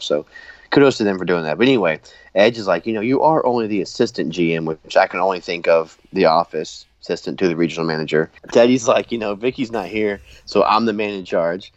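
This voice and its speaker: A man with a lowish voice chats casually, laughing often and slipping into quoted lines as he goes. The sound is dry and a bit dull, like a lo-fi home mic. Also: dry recording. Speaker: podcast host. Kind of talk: casual chat recapping wrestling.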